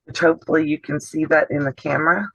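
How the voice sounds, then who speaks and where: A man's voice: a little high, fairly even intonation, quick pace, creaky, sharp tone, no echo. A man hosting a casual sewing demonstration over a video call, chatty and explanatory, often trailing off mid-sentence. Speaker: host of a sewing channel. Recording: dull dry video call audio.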